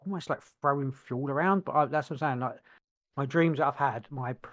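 A man's voice: medium pitch, brisk. Rambling man, casual podcast chat. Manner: rambling, searches for words, many restarts. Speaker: podcast co-host.

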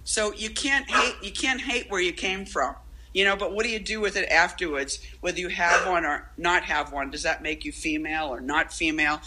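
A woman poet chatting as a guest in a rambling, self-interrupting, animated way. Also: fairly low pitch, normal speed, a little hiss or hum, poor audio. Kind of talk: casual interview chat.

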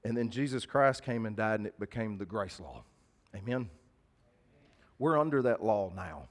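A man's voice: on the low side, lively intonation, normal speed. A middle-aged man preaching a sermon, talking straight to his congregation in a folksy way. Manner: folksy, talks to congregation directly.

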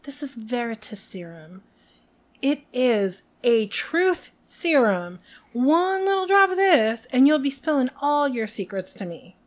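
Woman playing a stern potions master, smug and menacing, pitched fairly high. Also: very animated, a little slow. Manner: threatening, smug.

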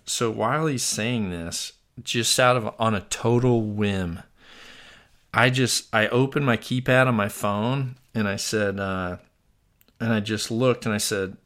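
A podcast host telling a funny story in casual chat, laughing often and acting out what others said. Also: male voice, fairly low pitch, a little slow. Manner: animated storyteller, laughs often, acts out quotes.

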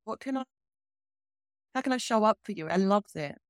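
A woman's voice: medium pitch, expressive, moderate pace, dry recording, studio quality. A woman guest on a recovery podcast, talking candidly and emphatically, swearing for emphasis.

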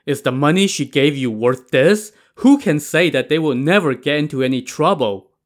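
A man voicing an old mother who shouts and curses back in defiance, raised well above his own voice. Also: on the high side, expressive, moderate pace, lightly acted. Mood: angry, defiant. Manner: shouting, cursing.

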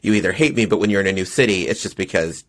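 A young man hosting a casual podcast chat, animated and acting out quoted lines in a higher voice. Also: racing. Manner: animated storyteller, acts out quotes in high voices. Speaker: podcast host, drag performer.

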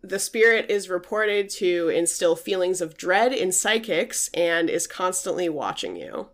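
Woman podcast co-host, lowish pitch, chatty storyteller. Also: lively intonation, a little slow. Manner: chatty, uses many fillers, reads out quotes. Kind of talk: casual chat, telling a ghost story.

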